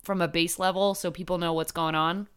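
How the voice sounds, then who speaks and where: A woman co-hosting a sports podcast, chatting casually and reading headlines with animated emphasis. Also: fairly low pitch, brisk, clear, resonant tone. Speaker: podcast co-host.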